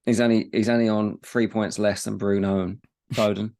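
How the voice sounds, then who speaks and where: This is a man with a very deep, gravelly voice who co-hosts a casual football podcast. He rambles and repeats his words, and drops the odd swear word in easy chat. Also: little pitch movement, moderate pace, darkish tone. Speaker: podcast co-host.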